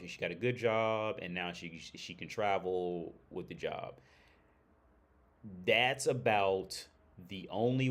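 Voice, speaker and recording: A man hosting a livestream, talking bluntly and profanely in a rambling, casual way, often restarting sentences. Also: lowish voice. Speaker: livestream host.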